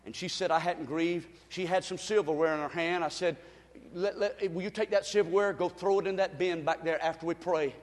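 A man preaching as a pastor, swinging from shouted exhortation to soft, hushed storytelling. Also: a little high. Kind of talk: sermon. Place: church sanctuary. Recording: long reverb of a large hall.

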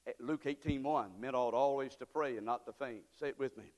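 A man preaching a sermon as pastor, moving between quiet asides and shouted, fervent appeals. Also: mid-range voice, brisk, few pauses. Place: church sanctuary. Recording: long church hall reverb.

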